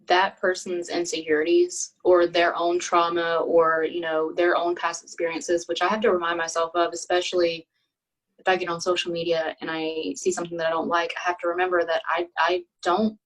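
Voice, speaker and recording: A woman's voice: lowish voice, little pitch movement, a little fast, poor audio. A woman from Alabama with a Southern accent, a podcast guest talking candidly and thoughtfully in casual conversation. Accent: Southern American, Alabama. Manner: thoughtful, candid, laughs easily.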